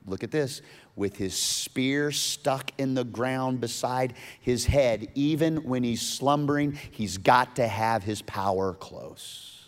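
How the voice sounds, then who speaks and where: A man's voice: medium pitch, slow, big-room sound. A man preaching a sermon, retelling a story casually and animatedly, with modern asides. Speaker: pastor.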